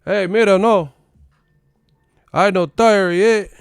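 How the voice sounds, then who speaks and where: A man voicing a boastful young male clubgoer in Miami who talks loud and high in broken English. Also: fairly even intonation, takes it slowly, vocal fry, clean tone, no room sound, clean studio sound, full character voice.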